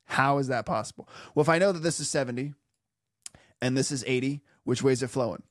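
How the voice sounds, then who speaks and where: A man teaching an HVAC lesson in an animated, playful way, with theatrical asides and sung sound effects. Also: medium pitch, fast, dry recording, studio quality. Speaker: HVAC instructor. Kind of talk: animated technical tutorial.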